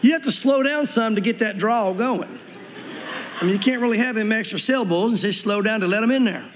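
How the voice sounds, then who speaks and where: High-voiced Southern pastor in a reverberant hall. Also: male voice, noisy background. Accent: light Southern US. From Tennessee, US. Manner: fast-talking, animated, acts out quoted voices. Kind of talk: sermon. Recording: long reverb of a large hall.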